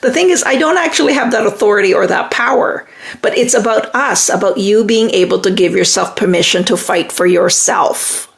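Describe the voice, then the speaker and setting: A woman's voice: mid-range voice, normal speed, creaky. A middle-aged woman hosting a live relationship-advice stream, reading viewer comments aloud and answering in an emphatic, reassuring way.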